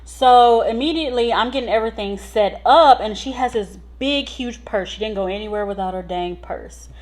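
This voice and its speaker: A woman nurse telling patient stories in a casual vlog, chatty and animated, full of "like" and "so". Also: fairly high pitch, moderate pace. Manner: chatty, animated retelling with lots of "like" and "so".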